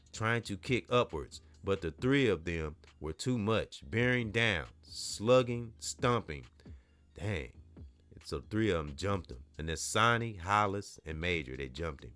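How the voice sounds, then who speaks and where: A man's voice: sits low, fairly bright tone, no echo. A man reading a novel aloud, stopping often to explain the story in a casual way and repeating himself as he corrects his reading. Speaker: book reader.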